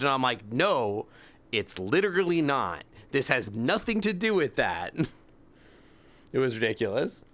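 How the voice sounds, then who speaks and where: A young man streaming, chatting casually and telling animated stories about work, acting out his coworkers' panic. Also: medium pitch, moderate pace. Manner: animated storytelling, mimics coworkers. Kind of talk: casual chat with chat readers.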